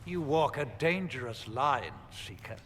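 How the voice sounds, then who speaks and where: Brief: scornful church chancellor in a game, bright, lively delivery. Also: male voice, mid-range voice, a little slow, slight background noise. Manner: imperious, scornful. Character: stern pompous male church chancellor. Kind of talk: video game voice acting.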